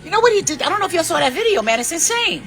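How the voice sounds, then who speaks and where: A woman's voice: very high-pitched, big pitch swings, racing, a bit bright. A woman in her fifties giving blunt, profane life advice in an unscripted monologue. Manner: blunt, profane and preachy, with big swings in emphasis.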